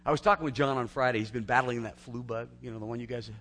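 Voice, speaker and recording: A pastor giving a conversational sermon that swings between loud, emphatic build-ups and hushed, quiet lines. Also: male voice, mid-range voice, steady tone, fast.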